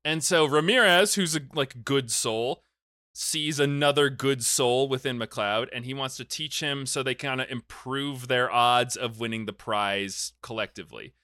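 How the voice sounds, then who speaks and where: Bright-sounding guy on a podcast, goofy mock-angry rants, dry mic. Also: mid-range voice, a little slow, dry recording. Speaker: podcast host explaining a film saga. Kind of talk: casual chat.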